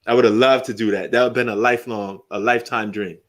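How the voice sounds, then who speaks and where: On his live sports stream, a middle-aged host swears heavily while joking and looking back on old highlights in loose, casual commentary. He talks fast with fairly even intonation.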